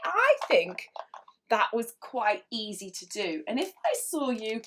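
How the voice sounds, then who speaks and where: A woman's voice: mid-range voice, sing-song, unhurried, a bit bright, a little hiss or hum. A woman leading a children's draw-along lesson, encouraging and playful, with little voiced sound effects. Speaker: children's drawing tutor.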